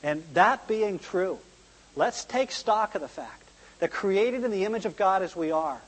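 A man preaching a sermon, earnest and emphatic, slowing down to stress key points. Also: high voice, lively intonation. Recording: long hall reverb.

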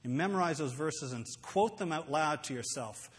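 A man preaching a sermon, earnest and emphatic, slowing down to read scripture aloud. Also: on the high side, animated. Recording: long hall reverb.

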